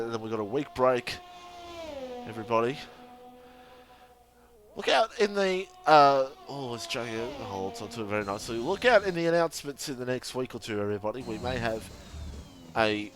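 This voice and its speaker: A young man calls a sim racing qualifying session on a live stream, talking casually and laughing often as he jokes with chat. His voice sits at an ordinary middle pitch, with faint music playing underneath. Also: lively intonation, normal speed. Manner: chatty and laughing, banters with chat and co-hosts. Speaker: sim racing league commentator.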